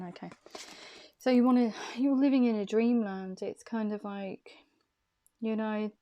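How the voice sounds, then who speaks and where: A woman's voice: mid-range voice, dark tone. A woman doing an intuitive tarot reading to camera, chatty and reassuring, who repeats phrases for emphasis. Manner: soothing, reassuring encouragement. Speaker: tarot card reader.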